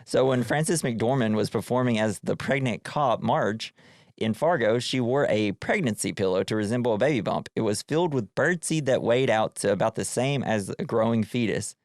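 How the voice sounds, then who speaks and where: A man's voice: medium pitch, lively intonation, normal speed, no echo, studio quality. A man from Tennessee hosting a casual movie podcast, chatty and jokey, laughing often. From Tennessee, USA. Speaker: podcast host.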